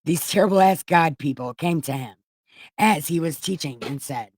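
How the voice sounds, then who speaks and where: Speaking at a moderate pace in a deep, slightly mellow voice, a comedic Bible reader mocks the text as she goes, stopping herself for crude asides. The studio-quality audio is dry, with no room sound.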